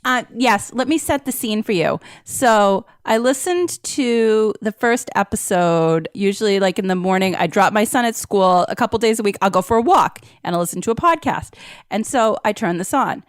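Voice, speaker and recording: Animated woman telling a story. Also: medium pitch, moderate pace, dry recording, studio quality. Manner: animated storyteller, acts out her reactions. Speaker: podcast co-host. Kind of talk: casual chat.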